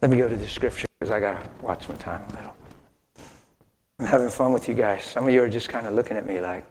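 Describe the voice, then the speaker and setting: A man in his sixties preaching a sermon, dropping to hushed near-whispers and then rising to emphatic lines, with folksy conversational asides. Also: on the low side, fast talker, a little hiss or hum. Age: 60s. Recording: long hall reverb.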